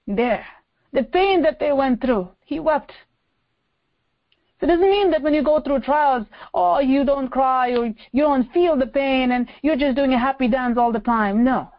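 A woman's voice: high voice, lo-fi sound. A woman preacher giving a sermon, emphatic, repeating phrases and posing rhetorical questions.

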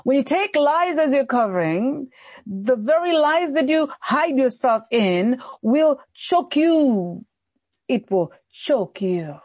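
A woman's voice: high voice, lively intonation, slow pace, darkish tone, slightly rough, dry recording. A woman pastor preaching a sermon, emphatic and repetitive in her exhortations.

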